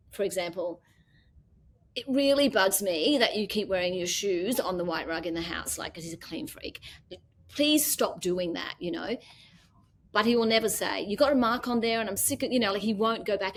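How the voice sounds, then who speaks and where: A middle-aged Australian woman, a business founder, chatting as an interview guest and acting out quoted dialogue as she tells stories. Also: medium pitch. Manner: animated storyteller, acts out quoted dialogue. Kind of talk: casual interview chat.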